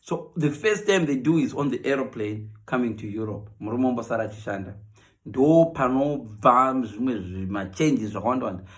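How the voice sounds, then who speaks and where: A man's voice: medium pitch, moderate pace. A man with a Zimbabwean accent doing a comic monologue, switching between Shona and English and acting out the people he talks about. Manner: animated, mixes Shona with English, acts out quoted voices. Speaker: comedian.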